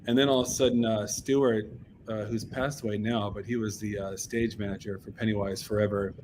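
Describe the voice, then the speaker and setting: A man from the United States, a punk band member, telling a story in a casual interview, animated and full of fillers. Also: fairly low pitch, brisk, a little hiss or hum. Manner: animated, acts out quoted voices, filler-heavy.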